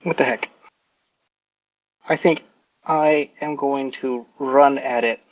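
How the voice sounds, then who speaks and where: A man playing a tabletop role-playing game, casually describing his hero's moves in a halting, rambling way full of fillers. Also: mid-range voice, steady tone. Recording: dull lo-fi audio.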